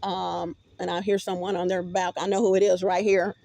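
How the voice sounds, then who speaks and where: A woman's voice: on the low side, little pitch movement, normal speed, gravelly, dark tone, no room sound. A woman vlogger in a rambling, profane monologue with many restarts, recorded on a phone.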